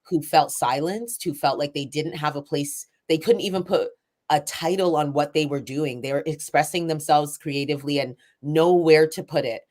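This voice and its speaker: Low-voiced, candid woman poet. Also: normal speed. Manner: candid, rambling, with fillers and soft laughs; self-described shy. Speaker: spoken word poet and event organizer. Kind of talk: reflective interview conversation.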